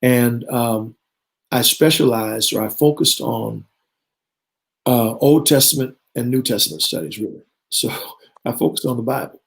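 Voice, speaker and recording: An earnest man in his fifties recounts his own testimony as a guest bishop. His pitch sits right in the ordinary middle for a man, and he slips into remembered dialogue as he tells it. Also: unhurried, creaky, rough recording. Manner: earnest storyteller who acts out remembered dialogue. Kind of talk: personal testimony in conversation.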